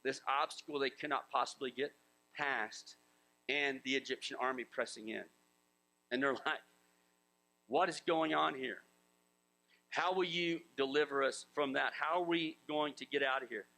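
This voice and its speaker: A man's voice: medium pitch, moderate pace, gravelly, pauses often, bright, forceful tone, poor audio. A man preaching a sermon in a conversational way, acting out biblical voices and chuckling as he goes. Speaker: pastor.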